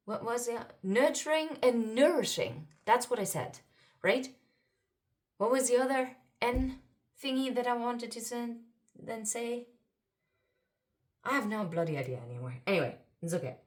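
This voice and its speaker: Woman, card reader, higher voice, excitable and exclamatory. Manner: excitable, exclaiming, swings between murmuring and loud. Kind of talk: intuitive card reading to viewers.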